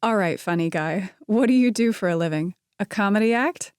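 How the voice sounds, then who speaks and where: A curious young woman, quick with questions and a little guarded, as a woman narrator voices her. Her voice sits a touch higher and livelier than the narration, close and dry. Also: smooth, no room sound, lightly acted. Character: young woman, bright, curious, a bit wary.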